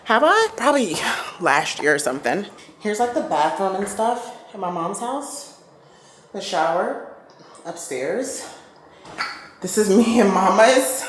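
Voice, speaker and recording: A woman's voice: mid-range voice, lively intonation, moderate pace. A woman, chatting casually to viewers in her vlog. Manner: chatty, addresses viewers as y'all. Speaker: vlogger.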